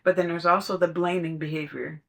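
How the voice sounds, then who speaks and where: A podcast speaker at an ordinary, middle pitch, talking through spiritual ideas in a casual way. The delivery is conversational and drifts into storytelling, with laughs now and then. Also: flat delivery, brisk, creaky, a bit bright.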